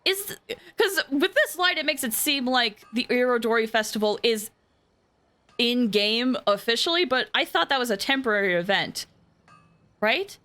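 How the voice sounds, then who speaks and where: A woman's voice: a little high, lively intonation, normal speed, sharp tone. A woman game streamer giving casual commentary in a chatty, rambling, scattered way. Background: game music.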